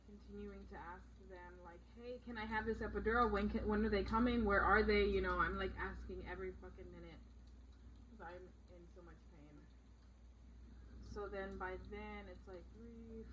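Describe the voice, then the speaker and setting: A young woman casually retelling a story in a vlog, blunt and animated, swearing often. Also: on the low side, poor audio. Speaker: vlogger.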